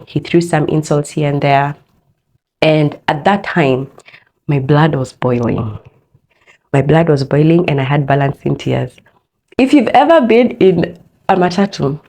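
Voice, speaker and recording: A young Kenyan woman speaks in a slightly low voice, hosting her own podcast. She tells a personal story in an open, candid way and leans into the telling. The voice sits a bit lower than most women's. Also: mellow. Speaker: podcast host.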